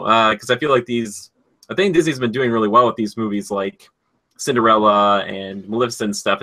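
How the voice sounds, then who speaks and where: A man's voice: on the low side, sharp tone. A young man co-hosting a podcast, rambling casually with many fillers and hesitations. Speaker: podcast co-host. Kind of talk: casual chat.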